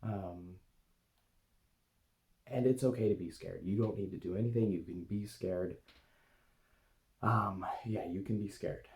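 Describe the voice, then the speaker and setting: A man demonstrating a guided meditation to camera, talking gently and hesitantly with many pauses as he speaks to an inner part with his eyes closed. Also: low voice. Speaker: eating coach and video host.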